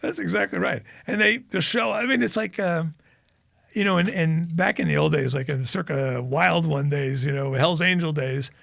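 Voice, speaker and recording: A man's voice: fairly high pitch, moderate pace, creaky, a bit bright, no echo, studio quality. A man co-hosting a podcast, chatting casually and telling rambling anecdotes while laughing at his own jokes. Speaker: podcast co-host. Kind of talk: casual chat.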